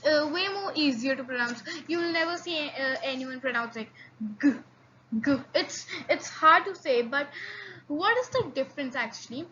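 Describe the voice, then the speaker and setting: A woman teaching an online language lesson, halting with many fillers and repeats, slowly drilling sounds for learners. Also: sits high, bright, forceful tone. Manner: slow drilled repetitions of sounds. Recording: slightly dull lo-fi audio with faint noise.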